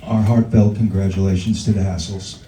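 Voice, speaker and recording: A man's voice: low-pitched, steady tone, brisk. A man presenting at an awards ceremony, reading out who accepts each award and welcoming them to the podium. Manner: reads names and welcomes people up. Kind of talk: formal announcing at a podium. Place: large event hall. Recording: echoey hall from far off with loud noise.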